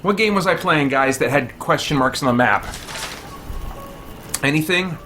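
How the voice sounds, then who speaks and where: A man's voice: fairly high pitch, expressive, moderate pace, pushed and bright, faint music behind. A man live-streaming a game, chatting playfully, laughing often and reading viewer comments aloud. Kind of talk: casual chat while live-streaming a game.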